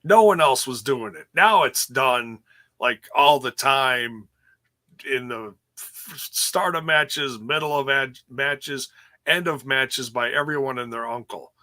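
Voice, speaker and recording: A man's voice: medium pitch, slow pace, pushed and bright. A man co-hosting a podcast, recapping in easygoing casual chat with lots of fillers. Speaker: podcast co-host. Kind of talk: casual chat reviewing wrestling shows.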